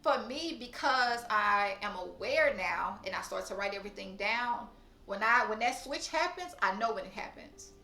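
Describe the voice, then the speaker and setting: Frank, bright-voiced woman vlogging. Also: medium pitch, expressive, moderate pace, echoey room. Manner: frank and emotional, swears casually. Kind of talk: candid personal vlog talk.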